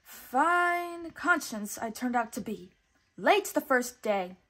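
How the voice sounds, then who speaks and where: Woman doing a fussy excitable little cricket, storybook, high, loud, calling out. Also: slow, heavily acted. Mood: flustered.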